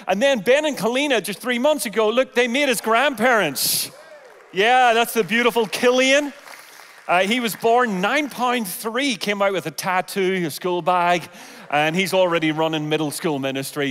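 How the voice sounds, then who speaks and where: A middle-aged Irish man preaching a sermon in a big church auditorium, his voice pitched high for a man. He is animated and full of jokes as he warms up the congregation. A long hall reverb hangs on every line. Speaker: guest pastor.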